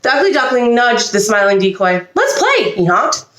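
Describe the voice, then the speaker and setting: A woman reading a children's storybook aloud with expressive delivery and small slips. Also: mid-range voice, normal speed, reverberant. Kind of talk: reading a picture book aloud. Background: a child nearby.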